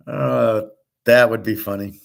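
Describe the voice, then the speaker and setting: A man's voice: medium pitch, normal speed. A middle-aged man hosting his own channel, talking in a blunt, rambling casual monologue and often repeating himself. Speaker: channel host.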